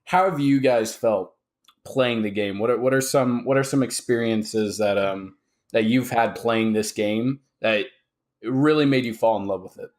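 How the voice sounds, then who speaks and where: A man of middle pitch hosting a chatty podcast. He talks haltingly, stopping on uhs as he steers the conversation. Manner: halting, asks questions with many uhs. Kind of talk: casual chat.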